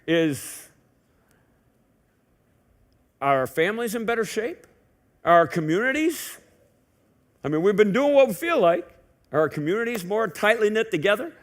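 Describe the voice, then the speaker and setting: A man delivers a sermon from a church pulpit with a lively, swooping delivery that climbs and drops widely. He talks to the congregation like a friend, firing rhetorical questions and slipping in wry jokes. His voice sits high for a man. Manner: conversational preaching with rhetorical questions and joking asides. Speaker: pastor. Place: church sanctuary.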